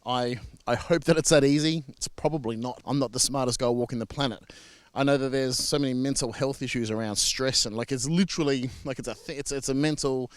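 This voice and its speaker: A man's voice: mid-range voice, fairly quick, dry recording. Chatty Australian man, dry sound. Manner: chatty and reassuring, with frequent fillers and restarts. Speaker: marriage celebrant. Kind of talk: casual talk to camera.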